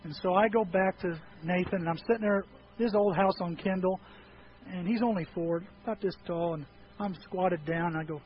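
A middle-aged male pastor preaching a sermon, telling stories and acting out voices, swinging from loud outbursts to hushed tones. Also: high voice, brisk. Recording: dull lo-fi recording with faint noise.

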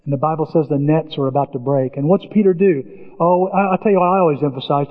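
A man preaching a sermon as a pastor, telling stories with animated delivery. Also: a little high, fast talker. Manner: animated storytelling, acts out biblical voices. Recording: dull, reverberant church recording.

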